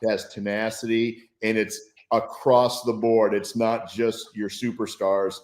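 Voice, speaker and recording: Man, football analyst guest, enthusiastic, lower voice, echoey room sound. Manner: enthusiastic, reflective. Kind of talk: casual sports talk.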